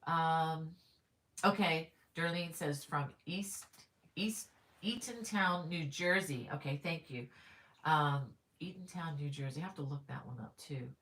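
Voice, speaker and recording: A middle-aged woman with a low-sitting, fairly bright voice speaks a little slowly while hosting a crochet livestream. Chatty and upbeat, she greets viewers by name in casual conversation, often saying um and correcting herself mid-sentence.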